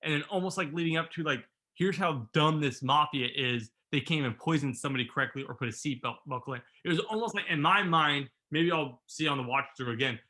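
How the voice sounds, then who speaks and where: A man's voice: fairly high pitch, fast talker, few pauses, sharp tone. A man co-hosting a podcast, chatting casually about a movie and thinking aloud with lots of fillers. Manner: rambling, thinks aloud with many "like"s. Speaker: podcast co-host. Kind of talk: casual movie review chat.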